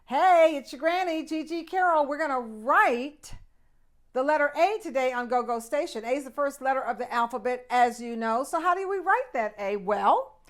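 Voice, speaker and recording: A woman's voice: high-pitched, expressive, normal speed. An older woman, a grandmother figure, hosting a children's alphabet lesson in a bubbly, exaggerated, sing-song way. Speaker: host, children's teacher.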